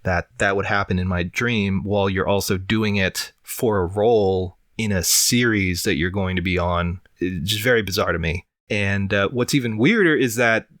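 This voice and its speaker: A man's voice: sits low, moderate pace, hardly any pauses, fairly bright tone, dry recording, clean studio sound. A man co-hosting a casual podcast, rambling and long-winded, swearing casually while running a fever. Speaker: podcast co-host. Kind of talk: casual chat.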